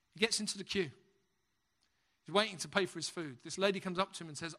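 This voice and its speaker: A British man delivers a sermon with a bright, ringing voice that sits high for a man. He tells stories with comic timing and lively energy. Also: quick pace. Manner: humorous, lively storyteller. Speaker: preacher.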